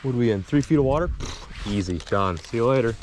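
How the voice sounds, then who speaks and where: A young man vlogging while fishing from a boat on a small lake, excitable and self-mocking, swearing often. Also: mid-range voice, fast talker. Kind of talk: casual vlog talk to camera. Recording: outdoor wind and engine noise.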